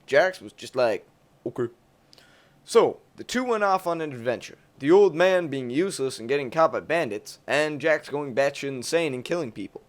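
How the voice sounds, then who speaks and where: A young adult man narrating a crude comic story in a lively, profane, rambling way. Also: on the high side, a little fast, hardly any pauses.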